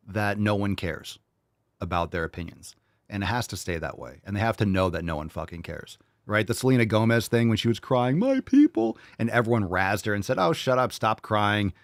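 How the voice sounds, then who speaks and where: A low-pitched man hosting a livestream, ranting with mocking, profane commentary between comments read from chat. His voice sits close and dry on the mic, with no room around it. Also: dry recording. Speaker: host.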